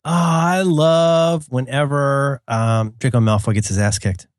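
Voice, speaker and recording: A middle-aged man chatting as a podcast co-host, playful and animated, slipping into goofy bits. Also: medium pitch, measured pace, no room sound, studio quality. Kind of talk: casual chat.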